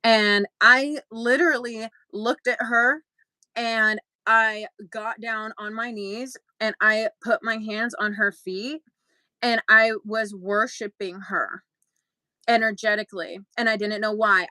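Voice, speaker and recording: A young adult woman, a podcast co-host, telling a story in casual chat and acting out quotes with big jumps in pitch. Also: steady tone, slow pace, pushed and bright, dry recording, poor audio.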